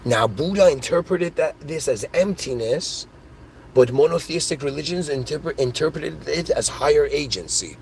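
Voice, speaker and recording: A man hosting his own podcast, rambling excitedly through spiritual ideas in a casual monologue, full of "dude" and "like". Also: a little high, normal speed, creaky, slight background noise. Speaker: podcast host.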